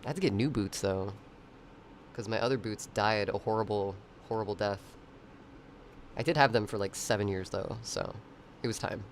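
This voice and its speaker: A man's voice: lowish voice, normal speed, pauses often, slight background noise. A man streaming and chatting casually with viewers, rambling, swearing freely and laughing often. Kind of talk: casual chat.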